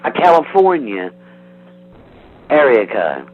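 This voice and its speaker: A man's voice: mid-range voice, huge pitch swings, slow. A man on a heated phone call, defensive and threatening, rambling with restarts. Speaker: prank call target. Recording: tinny phone line, faint hiss.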